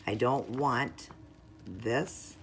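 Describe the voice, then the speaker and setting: Woman, very deep voice, chatty upbeat tutorial host, faint background hiss. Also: extremely slow. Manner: chatty, upbeat, walks through supplies step by step. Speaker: nail art video host. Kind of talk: casual tutorial narration.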